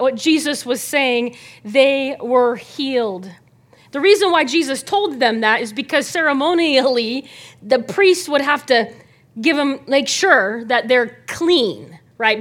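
A woman teaching a Bible passage in a relaxed, conversational way, often asking her listeners to imagine the scene and checking in with "right?". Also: sits high.

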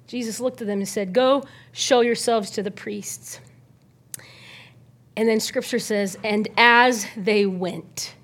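A woman with a slightly high voice leads a casual Bible lesson. She talks to her listeners like friends, keeps asking them to picture the scene, and tags her points with "right?". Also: steady tone, slow, fairly bright tone. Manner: conversational, asks listeners to imagine, frequent "right?". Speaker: Bible teacher.

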